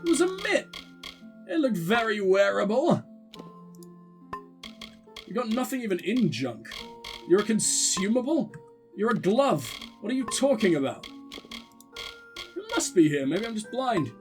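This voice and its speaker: A man's voice: high-pitched, very animated, measured pace, long pauses, faint music behind. A young man casually commenting on a role-playing game while he plays, sarcastic and swearing freely. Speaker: let's play gamer.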